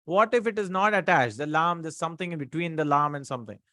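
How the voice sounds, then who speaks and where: A man teaching a grammar lesson, explaining quickly and checking in often with the students. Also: fairly high pitch, bright, forceful tone, dry recording, clean studio sound. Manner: quick explaining with frequent checks like "right?" and "hmm?". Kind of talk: recorded online lesson.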